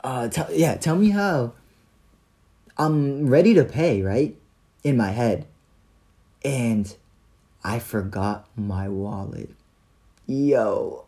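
A young man casually telling a story about his day, animated and profane, full of slang and fillers. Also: mid-range voice, slow pace, pauses often.

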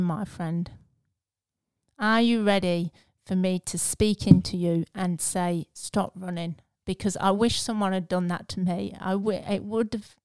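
A woman hosting a devotional podcast, speaking earnestly and encouragingly and dropping to a hush at tender moments. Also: mid-range voice, clear, resonant tone, dry recording, clean studio sound. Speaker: podcast host.

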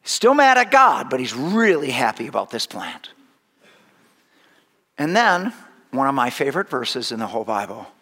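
Bright-voiced man preaching a sermon. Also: medium pitch, big pitch swings, moderate pace, long pauses, long reverb tail. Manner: conversational, humorous storytelling with frequent restarts. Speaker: pastor.

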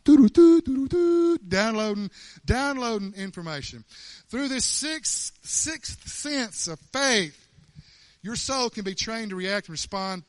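A man preaching a sermon in an animated, emphatic way, often laughing as he talks. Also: sits high, no room sound.

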